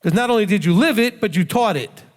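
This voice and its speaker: A man's voice: high voice, expressive, fast. A male rabbi giving a conversational sermon, emphatic and full of rhetorical questions he answers himself. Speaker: rabbi teacher. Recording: long hall reverb.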